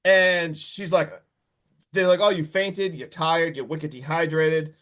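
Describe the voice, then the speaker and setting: A man casually recapping a horror movie on a podcast, animated and full of swearing, acting out the characters' lines. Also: on the high side, measured pace. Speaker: podcast co-host.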